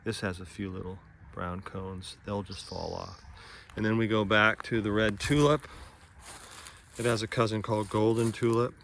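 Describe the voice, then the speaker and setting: A man with a Californian accent talks through a garden demonstration outdoors in a relaxed, plain way. His voice sits a little low. Faint outdoor noise hums in the background. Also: normal speed, gravelly. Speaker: nursery gardener.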